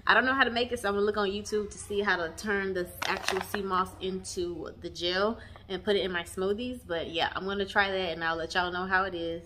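A young woman chatting to her viewers, warm and emotional, often saying y'all. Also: medium pitch, steady tone, brisk, few pauses, a little hiss or hum. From Texas. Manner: emotional, near tears at times. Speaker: vlogger. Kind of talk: casual chat. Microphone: camera mic on tripod.

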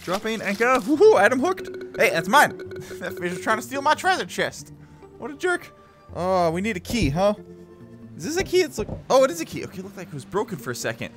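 An excitable, playful man talks his way through a fishing game, laughing and chatting to the fish as he goes. His voice sits high and swoops lively up and down. Faint music plays underneath. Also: brisk. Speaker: gaming video host. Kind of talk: playing a VR fishing game with running commentary.

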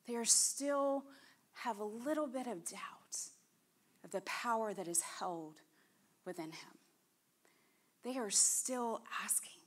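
A woman's voice: on the high side, bright, forceful tone. A woman preaching in church, telling a Bible story dramatically and acting out the voices of its characters. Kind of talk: sermon storytelling. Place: church sanctuary.

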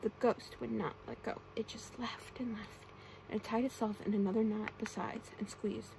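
Soft-spoken woman reading bedtime stories, gravelly fry. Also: medium pitch, steady tone, slight background noise, rough recording. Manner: gentle, slow, with brief asides to the listener. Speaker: ASMR storyteller.

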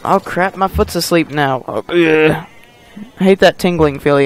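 A man's voice: fairly high pitch, moderate pace. A man giving casual gameplay commentary, muttering and joking to himself as he plays. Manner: mutters and jokes to himself while playing. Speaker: gameplay host.

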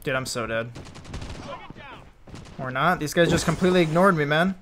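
A young man casually commenting on his own gameplay, laid-back and chatty with bursts of excitement. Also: a little high, normal speed, heavy background noise. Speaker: gaming YouTuber. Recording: loud game gunfire under voice. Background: mobile game gunfire.

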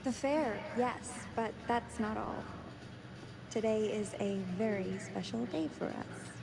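A woman's voice: fairly high pitch, takes it slowly, vocal fry, noisy background. An actress playing a polite young newlywed woman checking into a hotel. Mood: gracious.

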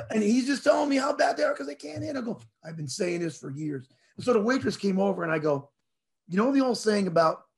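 A man hosting a casual sports chat, telling rambling, animated stories. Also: sits high. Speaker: show host.

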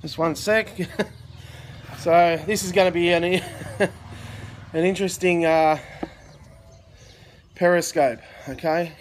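A man's voice: high-pitched, steady tone, takes it slowly, pauses often, a little hiss or hum. A man hosting a casual livestream, chatting loosely and breaking off often to greet viewers by name. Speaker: livestream host. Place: in Thailand.

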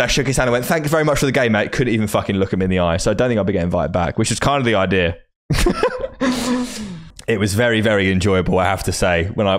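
A young British man casually telling a story to his viewers, animated and swearing freely, often amused with himself. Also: lowish voice. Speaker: poker vlogger.

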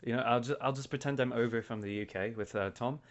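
A man's voice: medium pitch, fast talker. A man hosting a casual gaming podcast, laughing often and reading out listener mail. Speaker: podcast host. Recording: dull lo-fi podcast audio.

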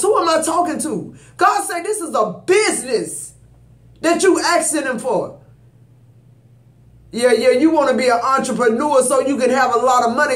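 Preachy tarot reader in a roomy space. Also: male voice, very high-pitched, fairly bright tone. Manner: preachy, emphatic, addresses viewers directly. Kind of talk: spiritual tarot reading. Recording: roomy echo.

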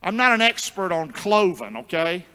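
A male pastor preaching a sermon in call-and-response style, jumping from shouts to low murmurs. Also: normal speed, smooth. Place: church sanctuary. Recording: long church hall reverb.

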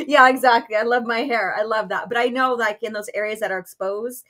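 A woman hosting a casual chat, friendly and quick to laugh. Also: on the high side, sharp tone. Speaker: host.

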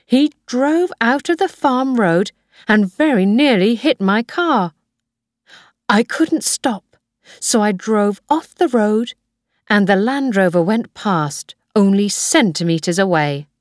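Slow, careful woman narrator. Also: mid-range voice, expressive, no room sound, studio quality. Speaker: audiobook narrator. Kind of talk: scripted narration of a graded reader.

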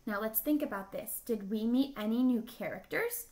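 A woman's voice: a little high, moderate pace, a little mellow. A woman teacher reading a children's story aloud, stopping to ask her listeners questions and praising their answers with encouragement.

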